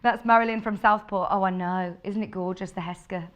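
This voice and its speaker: A woman's voice: mid-range voice, steady tone, a little fast. A woman presenting fabrics live on a shopping channel, chatty and gushing as she reads out viewer messages. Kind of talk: live on-air product presentation.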